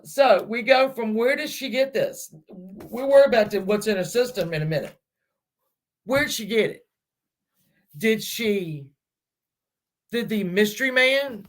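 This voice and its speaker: A man's voice: sits high, a bit bright. A man hosting a true-crime channel who speculates aloud in a casual, rambling way, with many restarts and fillers, and who talks straight to his viewers.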